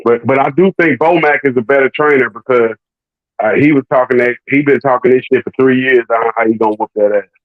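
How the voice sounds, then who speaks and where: A man's voice: mid-range voice, fast, no room sound. A man on a boxing talk stream, talking in a slangy, emphatic and profane way. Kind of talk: casual boxing chat. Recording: tinny phone line.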